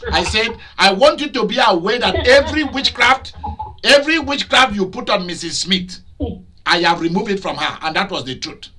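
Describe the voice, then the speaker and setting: Bright, high-voiced preaching man. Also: expressive, moderate pace. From Nigeria. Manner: preaching with loud outbursts and laughter. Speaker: pastor. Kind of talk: sermon.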